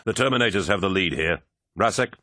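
Man playing a stern, deep-voiced warrior captain. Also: expressive, a little fast, bright, forceful tone, no echo, clean studio sound. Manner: curt, cold and authoritative. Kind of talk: audiobook character voice.

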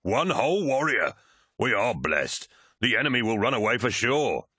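A man voicing a fierce, brutal male warrior captain who barks his words loudly and scornfully. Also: medium pitch, big pitch swings, moderate pace, husky, no echo, studio quality, pitched above the performer's own voice, heavily acted. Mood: mocking. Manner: loud, barking, scornful.

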